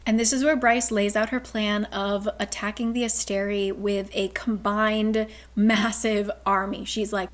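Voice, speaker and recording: A woman's voice: medium pitch, little pitch movement, unhurried, few pauses. A woman casually recapping a fantasy novel's plot, chatty and swearing, now and then reading passages aloud. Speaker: book recap narrator.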